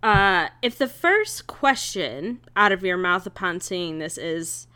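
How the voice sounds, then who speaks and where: A young woman with a bright, sharp voice talks slowly and with lively swings in pitch. She jokes wryly on a casual podcast and reads from her notes. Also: smooth. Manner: wry, joking reactions. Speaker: podcast co-host. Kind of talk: casual chat.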